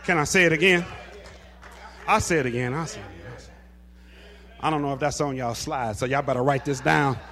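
A man preaching a sermon who builds to shouted, half-sung cadences and drops back to quiet, gravelly asides. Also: mid-range voice, fairly quick, pauses often. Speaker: pastor.

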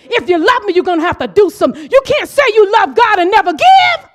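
Impassioned high-voiced woman preacher. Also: very animated, brisk. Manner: impassioned, swings from hushed to shouting. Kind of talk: sermon.

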